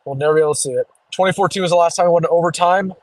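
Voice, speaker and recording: A young man hosting a casual live postgame reaction stream, chatty and reading viewer comments, a little hoarse from losing his voice. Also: a little high, racing, a little mellow, no echo, low-quality recording. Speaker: sports streamer host. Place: driving home.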